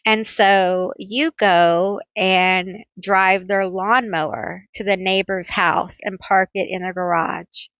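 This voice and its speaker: A woman's voice: medium pitch, steady tone, slow, few pauses, fairly bright tone, no echo, highs cut off. A woman giving a pick-a-card tarot reading, chatty and playful, telling stories with teasing nicknames.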